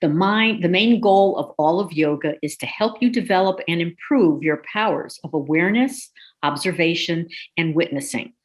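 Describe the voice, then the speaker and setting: A woman teaching a yoga class, guiding breathing, stretches and a visualization with calm, slow cues. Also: on the low side. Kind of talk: guided yoga and meditation instruction.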